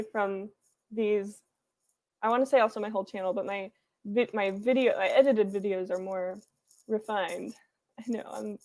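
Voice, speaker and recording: A woman's voice: fairly high pitch, darkish tone. Chatty young woman streaming from home. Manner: chatty and playful, reads out chat comments. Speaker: livestream host. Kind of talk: casual chat on a writing livestream.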